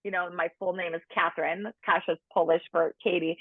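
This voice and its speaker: A woman's voice: medium pitch, normal speed, no echo. A woman in her late thirties telling her own story as a podcast guest, chatty, with lots of "like", acting out the people she quotes. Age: late 30s. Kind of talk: personal storytelling in conversation. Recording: tinny phone-line sound, dry.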